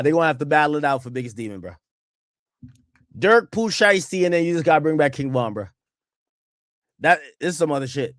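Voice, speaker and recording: A man hosting a podcast in casual chat, excitable and slangy, swinging between low mutters and loud outbursts. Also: dry recording, clean studio sound. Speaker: podcast host. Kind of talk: casual chat reacting to clips.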